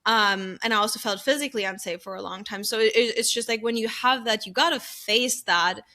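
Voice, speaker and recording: A woman in her thirties from Germany with a bright, forceful voice that sits a little high. She talks candidly and earnestly as a podcast guest, full of fillers and quick laughs. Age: 30s. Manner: earnest and open, many fillers, laughs easily. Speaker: podcast guest, business coach.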